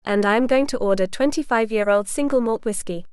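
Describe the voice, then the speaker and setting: A cocky Australian man with a teasing, indignant edge, put on by a woman narrator. He talks in a smooth, clear voice, bouncing up in pitch when he's provoked, recorded dry and close for a storybook. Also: a little fast, darkish tone, no room sound, natural voice. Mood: teasing challenge. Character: Australian male star director, playful.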